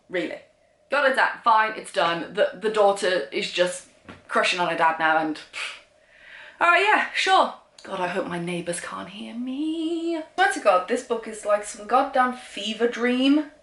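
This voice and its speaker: A woman's voice: on the high side, fairly bright tone. A woman reviewing a book in a casual vlog, sarcastic and exasperated, with nervous laughter, recorded at home. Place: room at home. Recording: roomy echo.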